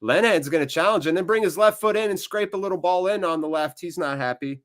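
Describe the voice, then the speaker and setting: Excitable fan commentating a match. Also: male voice, sits high, fast talker. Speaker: fan channel host. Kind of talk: live match watchalong commentary.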